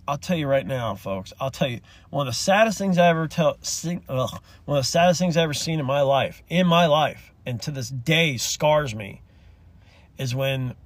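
A man delivers an impassioned, rambling rant, swearing freely and holding back tears. His voice sits a touch high for a man. The recording is dry and close, with no room sound. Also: lively intonation, moderate pace, no room sound. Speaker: podcast host. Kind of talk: emotional solo rant.

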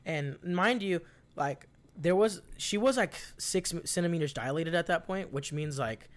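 A young man in casual conversation, telling a story in a loose, rambling way. He swears freely and fills his sentences with "like" and "you know". His voice sits a little higher than most men's. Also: expressive, unhurried. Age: young adult. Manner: profane, rambling, lots of fillers.

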